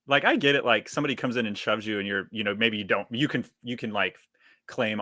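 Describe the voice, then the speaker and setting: A man's voice: lowish voice, fast talker, bright, forceful tone, dry recording. A man co-hosting a casual sports podcast, laid-back and hedging, full of "like" and "you know". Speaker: podcast co-host.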